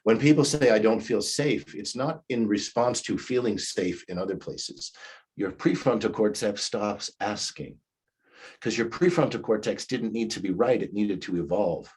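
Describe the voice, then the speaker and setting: A man in his fifties with a husky, slightly low voice teaches a leadership class. He talks conversationally and slips into the replies he suggests, as if saying them to someone. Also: moderate pace, a little mellow. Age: 50s. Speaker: leadership coach. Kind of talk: recorded class lecture.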